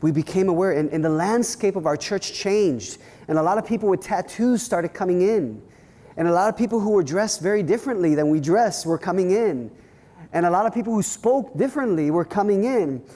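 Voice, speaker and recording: A male pastor telling church stories in an animated, restart-filled way. His voice sits a little high but sounds mellow and soft-edged. The room rings with a long hall reverb. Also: brisk. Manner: animated storytelling with many restarts. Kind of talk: workshop talk with personal stories. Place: church hall at a leadership weekend.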